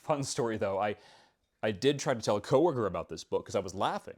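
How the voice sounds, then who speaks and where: A young man hosting a casual book-review video, speaking in a wry, self-deprecating and expressive way. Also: fairly low pitch, quick pace.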